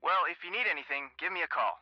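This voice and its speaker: An actor voicing a friendly young man on the phone in a mystery video game, relaxed and supportive. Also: on the high side, fast, faint music behind, lightly acted. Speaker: game side character. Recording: dull lo-fi phone sound.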